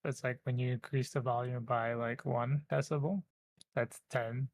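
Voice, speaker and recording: Flat-voiced man chiming in. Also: mid-range voice, normal speed. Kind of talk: casual chat.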